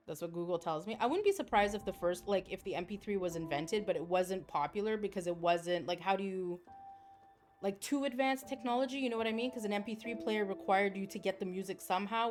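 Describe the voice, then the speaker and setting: Chatty woman streaming a game. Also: fairly low pitch. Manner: chatty, expressive, quick to laugh and exclaim. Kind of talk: live game stream chat, reading chat aloud. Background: game music.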